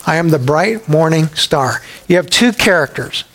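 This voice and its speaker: Male pastor, fairly high voice, animated conversational sermon style with playful storytelling. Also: moderate pace, a little hiss or hum. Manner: humorous, conversational.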